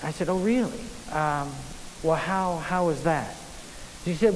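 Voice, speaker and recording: A man's voice: a little high, a little slow. Pastor guy, sermon story, restarts a lot, big echoey church, bit of hiss. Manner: animated storyteller, frequent restarts. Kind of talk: sermon with personal anecdote. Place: church sanctuary. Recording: long church reverb, faint hiss.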